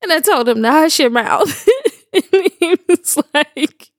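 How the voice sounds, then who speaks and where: A woman's voice: sits high, animated, a little slow, no room sound, clean studio sound. A middle-aged woman telling a humorous devotional story in a slangy, playful way, often laughing. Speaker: devotional speaker.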